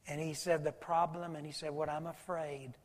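A man preaching a sermon, telling a folksy story and swinging between loud and hushed. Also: on the high side, little pitch movement, normal speed. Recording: long hall reverb.

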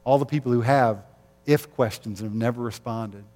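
A man's voice: mid-range voice, moderate pace, dark tone, big-room sound. A man preaching an Easter sermon as pastor, conversational, with rhetorical questions and light jokes.

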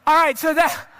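A pastor from the of America, a man with a very high voice, tells a self-mocking story from the pulpit. His sound is bright and forward. He chats with the congregation in a loose, casual sermon. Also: slight background noise.

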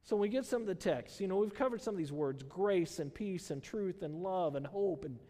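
A man's voice: sits high, expressive, a little fast, mellow. A man preaching a sermon in a conversational way, asking the congregation questions and using many fillers. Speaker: pastor. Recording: hall reverb.

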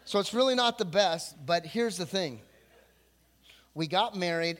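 Joking pastor preaching with a higher voice. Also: male voice. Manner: jokey, animated, acts out quotes in voices. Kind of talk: humorous sermon storytelling. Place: church before a congregation.

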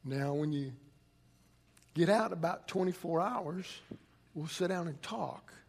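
A pastor preaches in a loose, conversational way, telling stories and restarting his sentences. His voice sits a little higher than most men's. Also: unhurried, creaky, a little mellow, husky. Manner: conversational storytelling with frequent restarts. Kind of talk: sermon.

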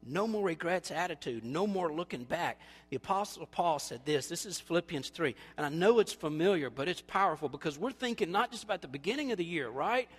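A male pastor preaching a sermon, animated and storytelling, acting out quoted voices, then dropping to quiet appeals. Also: on the high side, a little fast, hardly any pauses, slightly rough, in a large hall.

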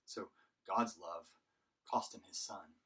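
Low-voiced pastor preaching from a distance. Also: male voice, bright, forceful tone, husky. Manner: measured preaching with frequent word repetitions. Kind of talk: sermon.

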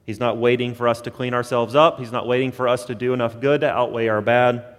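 A man's voice: mid-range voice, little pitch movement, quick pace, long reverb tail. A man preaching a sermon as pastor, earnest and building to emphatic points.

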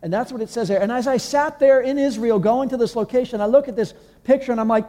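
Man, pastor, passionate sermon, high voice, long hall echo. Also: quick pace, few pauses, warm tone. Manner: impassioned, acts out quoted voices. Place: church hall.

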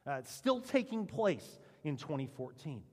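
A man preaching a sermon as pastor, with dramatic emphasis and a lively delivery. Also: normal speed, big-room sound. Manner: animated preaching with dramatic emphasis and lowered punchlines. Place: church sanctuary.

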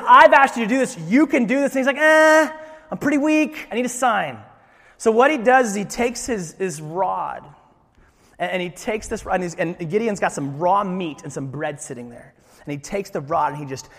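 A man preaching a sermon in a lively, joking way, acting out the voices of the story. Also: high-pitched, big-room sound. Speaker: pastor.

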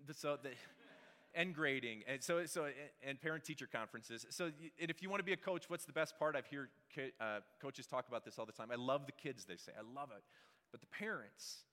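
A man's voice: medium pitch, brisk, pushed and bright. Man preaching a casual sermon in a hall. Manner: conversational, joking, asks the congregation questions. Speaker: pastor. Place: church hall. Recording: reverberant hall.

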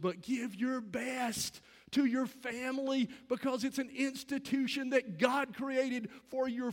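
A man in his fifties delivers a sermon in an earnest, urging way, piling up rhetorical questions before rising into emphatic encouragement. His voice sits high for a man. A long reverb hangs behind his words in what sounds like a large church hall. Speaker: pastor.

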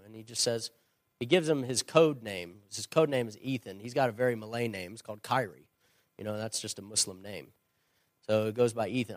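A man's voice: medium pitch, fairly quick, no echo, studio quality. A man who is a missionary and former pastor, answering a question at church in an earnest, emphatic and opinionated way.

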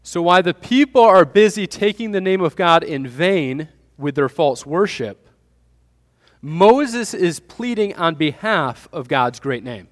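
A man's voice: fairly high pitch, animated, a little slow, in a large hall. A man preaching a sermon, building emphasis and asking the congregation rhetorical questions. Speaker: pastor.

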